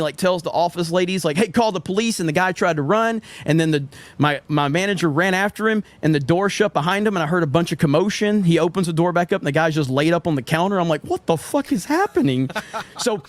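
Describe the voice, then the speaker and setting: A middle-aged man telling stories in a casual podcast chat, animated, acting out quotes and laughing often. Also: high voice, no room sound.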